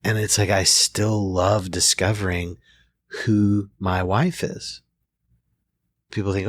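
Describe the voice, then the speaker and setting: Speaking slowly in a lowish voice, a man in his forties who is a therapist hosts a relaxed podcast chat. He tells reflective stories and often starts sentences over, recorded in studio quality with no room sound.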